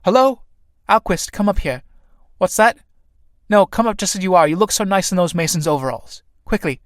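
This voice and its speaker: A man's voice: high voice, lively intonation, brisk, no echo, clean studio sound, pitched above the performer's own voice. A man reading the part of an anxious young woman in an audiobook of a play, in a pleading way. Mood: eager.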